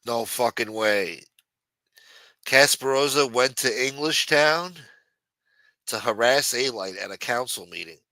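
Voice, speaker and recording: A man's voice: mid-range voice, a little slow, long pauses, pushed and bright, dry recording, poor audio. A man hosting a late-night live stream in a loose, profane, teasing way, reading and answering viewer chat. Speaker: live show host.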